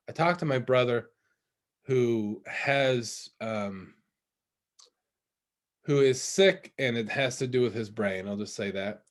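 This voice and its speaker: A young man rambles through a long story on a podcast he co-hosts, using lots of fillers and restarts. His voice is fairly low and a little slow, and the tone is casual.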